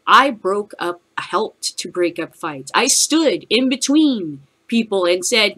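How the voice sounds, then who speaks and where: An American woman hosts a cannabis news show, ranting angrily about the news in fast bursts full of heavy cursing. Her voice is medium in pitch, expressive, and sharp in tone.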